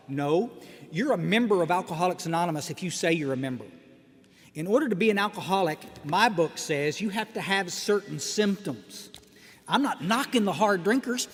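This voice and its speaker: Recorded in an echoey hall with faint noise behind him, a middle-aged man gives a humorous personal talk at a recovery meeting. His voice is high-pitched and a bit bright, his tone wry and joking, with frequent restarts and asides to the crowd.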